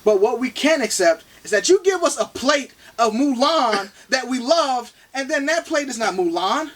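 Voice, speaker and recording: A man in his thirties co-hosting a casual movie review podcast, animated and playful, talking fast with lots of restarts. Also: very high-pitched, far from the mic. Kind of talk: casual chat.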